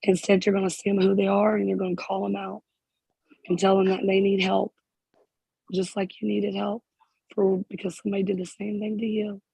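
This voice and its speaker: A spiritual healer in emotional counseling, close to tears and halting, with phrases repeated again and again. The voice is gravelly and husky, with a mellow, dark tone. The pitch stays flat and even throughout. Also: dry recording, poor audio. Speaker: spiritual healer addressing a group member.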